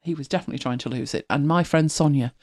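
A low-pitched, slightly mellow voice comes out rapid-fire. It belongs to a middle-aged woman from Manchester, England, mildly accented, who casually hosts, rambles, laughs a lot and goes through listener comments.

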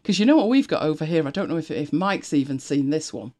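Fast and very animated, a British woman speaks in a low, darkish voice. She's co-hosting an easygoing chat stream, reading and thinking out loud with plenty of laughter and a sarcastic, talkative streak.

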